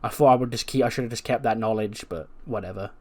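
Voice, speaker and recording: A man's voice: fairly low pitch, fast talker, a little mellow, slight background noise. A man narrating a wrestling management game in a wry, self-deprecating way, as a game streamer. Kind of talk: let's-play narration.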